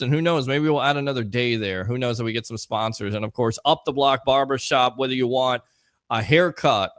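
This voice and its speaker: A man's voice: mid-range voice, a bit bright, no room sound, clean studio sound. A man hosting a sports call-in show, upbeat and chatty, taking callers and reading sponsor plugs. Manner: upbeat, reads out phone number and sponsor plug. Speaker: radio show host.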